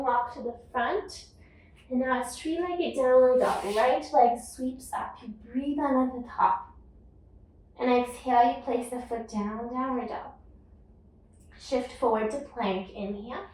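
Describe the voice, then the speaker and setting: Slow, calm woman cueing yoga in an echoey room. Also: fairly high pitch, recorded from a distance. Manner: calm, unhurried cueing of breath and movement. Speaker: yoga teacher. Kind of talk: guided yoga class instruction.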